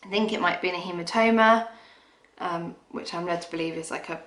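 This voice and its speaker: A woman's voice: fairly low pitch, brisk, fairly bright tone. A middle-aged woman speaking candidly and emotionally to camera in a personal pregnancy vlog. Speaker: vlogger. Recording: echoey room.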